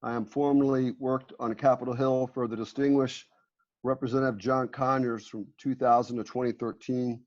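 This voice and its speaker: A man's voice: mid-range voice, level tone, moderate pace, darkish tone. A man speaking at a community panel, presenting a resolution in an earnest way with many fillers and restarts. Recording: muffled lo-fi audio.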